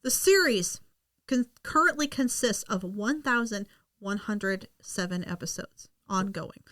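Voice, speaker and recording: A woman co-hosting a casual podcast, expressive and quick to laugh. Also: medium pitch. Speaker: podcast co-host. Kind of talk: casual chat.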